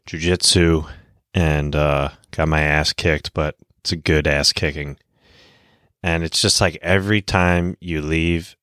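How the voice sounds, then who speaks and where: A man's voice: a bass voice, fairly bright tone, no room sound, clean studio sound. A man hosting a podcast from the United States, talking in a blunt, profane, rambling casual monologue. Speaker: podcast host.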